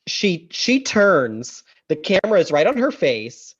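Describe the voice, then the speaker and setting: A woman co-hosting a podcast, recapping a film in casual chat, animated and laughing often, swearing in outrage. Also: fairly low pitch, measured pace, husky. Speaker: podcast co-host. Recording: slightly dull lo-fi audio.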